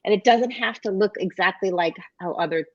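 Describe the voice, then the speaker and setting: A woman's voice: mid-range voice, a little fast, no room sound. A woman author offers encouraging advice on a panel, with a light laugh here and there. Her voice has a dull, slightly muffled recording quality. The room sounds dry. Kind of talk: casual panel chat.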